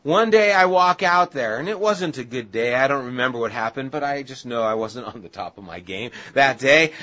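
A man preaching a sermon, telling a humorous personal story and then turning earnest and quiet. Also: mid-range voice, lively intonation, normal speed, hardly any pauses. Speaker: pastor. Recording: dull lo-fi audio with faint hiss.

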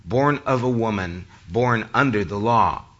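A male pastor preaching a sermon, his voice a little hoarse from a cold, speaking conversationally to the congregation. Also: lowish voice, unhurried, fairly bright tone, dull audio. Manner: conversational, addresses the congregation directly.

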